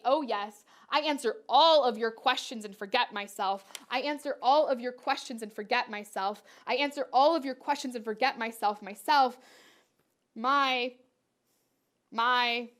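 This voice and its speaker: A woman's voice: on the high side, fairly bright tone. A woman performance artist delivering spoken-word poetry in a rhythmic, incantatory way, repeating her refrains.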